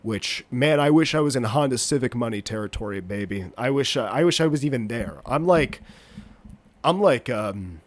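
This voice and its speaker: A man's voice: mid-range voice, lively intonation, normal speed, no room sound. Congested man rambling through a podcast. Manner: rambling, jokey, self-deprecating. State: congested, getting over a cold. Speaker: podcast host. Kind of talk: rambling solo podcast chat.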